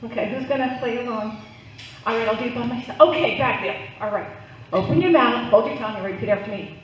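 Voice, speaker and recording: A middle-aged woman works a live crowd with a playful stand-up set. Her fairly high voice sits a little back from the mic, and the sound comes through dull. A strong, roomy echo surrounds everything she says. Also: fast talker, recorded from a distance, slight background noise. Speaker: stand-up comedian. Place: club stage, live audience.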